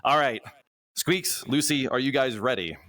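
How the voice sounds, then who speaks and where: A woman's voice: very deep voice, unhurried, heavy background noise. A woman hosting a streamed game show, playful and teasing, with sarcastic asides to the contestants.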